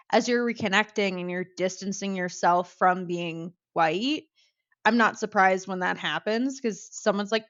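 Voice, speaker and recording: An American woman talking casually as a podcast guest, lively and acting out other people's voices as she tells things. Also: mid-range voice, normal speed. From United States. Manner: animated, acts out quoted voices. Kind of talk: casual conversation. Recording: slightly dull lo-fi audio.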